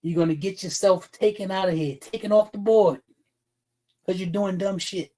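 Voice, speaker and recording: A man's voice: high-pitched, steady tone, moderate pace, dark tone. A man hosting a livestream talk show, delivering blunt, profane, confrontational commentary with frequent restarts and repeated words. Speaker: streaming talk show host.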